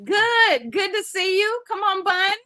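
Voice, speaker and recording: A woman's voice: very high-pitched, big pitch swings, unhurried, pushed and bright. A woman hosting a live radio talk show, playful and joking, laughing often. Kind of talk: lively casual live-stream chat.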